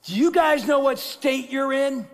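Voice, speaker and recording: A man voicing a stern woman county sheriff who talks gruffly, in a large echoing church hall. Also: high voice, measured pace, voice pushed up. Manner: gruff, scolding.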